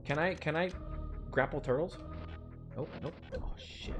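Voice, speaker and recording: A man's voice: fairly high pitch, unhurried. A young man streaming a game, rambling and swearing as he tells an old story with laughs mixed in. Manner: rambling, swears freely, laughs through stories. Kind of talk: casual storytelling while gaming. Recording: game music behind the voice.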